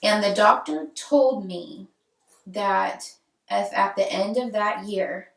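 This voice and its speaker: A woman's voice: medium pitch, takes it slowly, creaky. Young woman, candid personal story, roomy echo, a bit distant from the mic. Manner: candid, conversational, with fillers. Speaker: vlogger telling her own story.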